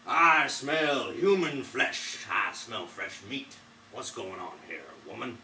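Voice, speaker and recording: A man doing a booming, bossy giant. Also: expressive, bright, forceful tone, far from the mic, slight background noise, exaggerated voice. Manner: booming, slow, demanding. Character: gruff hungry male giant, bossy and suspicious. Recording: roomy, off-mic, faint ambience.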